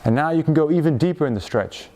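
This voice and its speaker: A man guiding a group through slow shoulder stretches and breathing, calm and instructive, often checking in with questions. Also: on the high side, noisy background. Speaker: movement coach.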